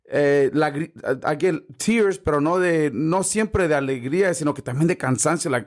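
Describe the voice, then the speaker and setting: A young man co-hosting a casual podcast, animated, asking the others questions and mixing Spanish and English. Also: on the high side, normal speed. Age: young adult. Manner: animated, asks questions, code-switches. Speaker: podcast co-host.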